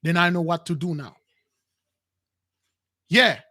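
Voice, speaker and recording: A man with a slightly high voice speaks slowly as host of a spiritual channel. He tells his listeners a dramatic personal story, calling them "brothers" and acting out the quotes in an animated way. His grammar is non-standard, and he often repeats himself and starts over.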